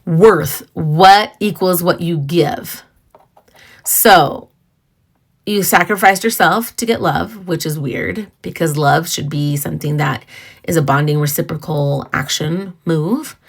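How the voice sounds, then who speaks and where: A middle-aged woman with a fairly low voice hosts a casual talk about emotional healing. She speaks earnestly and conversationally, with personal stories and asides. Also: slow pace, vocal fry, breathy edge. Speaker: podcast host.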